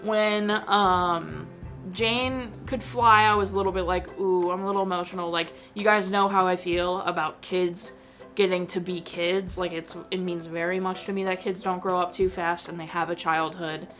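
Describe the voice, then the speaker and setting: A woman's voice: on the low side, steady tone, moderate pace, fairly bright tone, soft background music. A young woman vlogger chatting casually about a film she watched, full of fillers and emotional asides. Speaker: movie review vlogger. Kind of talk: casual chat.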